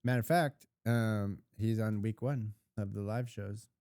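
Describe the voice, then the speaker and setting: Guy cohost, warm smooth voice, dry sarcastic one-liners. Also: on the low side, steady tone, a little slow, dry recording. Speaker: podcast co-host. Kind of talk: casual chat.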